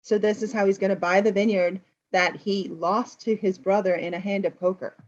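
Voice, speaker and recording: An American woman teaching English, retelling a film plot in a lively, explaining way for learners. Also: mid-range voice, normal speed, highs cut off. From United States.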